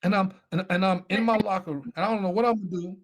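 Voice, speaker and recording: A man's voice: high voice, quick pace. A middle-aged man telling his story animatedly in a live Q&A, acting out the voices of people he quotes. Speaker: guest speaker.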